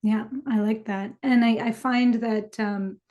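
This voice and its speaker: A woman's voice: a little high, steady tone, measured pace, mellow, dull audio. A woman youth educator chatting casually, often checking in with "right?" and affirming her partner. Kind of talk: casual conversational talk.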